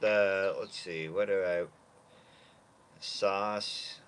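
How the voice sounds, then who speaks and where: A man chatting casually on his own livestream. He rambles and thinks out loud, filling gaps with ums and uhs. He talks slowly in a lowish voice. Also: steady tone, clean tone. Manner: rambling, thinking aloud, many fillers. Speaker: cooking livestream host.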